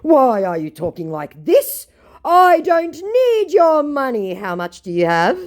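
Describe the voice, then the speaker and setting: A woman's voice: high voice, very animated, darkish tone, voice pushed up, exaggerated voice. A woman doing a whiny lovesick male scammer. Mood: whiny pleading. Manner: whiny, drawn-out, broken English.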